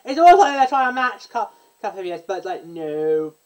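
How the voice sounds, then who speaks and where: A woman's voice: high voice, very animated, quick pace, rough recording. A woman hosting a casual chat show, rambling and restarting her sentences as she talks through a musical she loves. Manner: rambling, self-interrupting, breaks into sung snippets. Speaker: podcast host.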